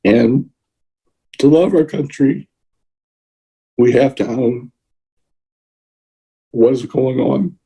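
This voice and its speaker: A man's voice: medium pitch, very slow, long pauses, mellow, slightly rough, low-quality recording. A man co-hosting a podcast, giving emotional, indignant political commentary. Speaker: podcast co-host.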